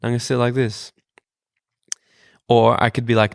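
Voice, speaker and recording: A man who speaks as a podcast guest, telling stories in a relaxed, casual way, swearing freely and often restarting his sentences. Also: medium pitch, normal speed, gravelly, dry recording, clean studio sound. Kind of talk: casual conversational storytelling.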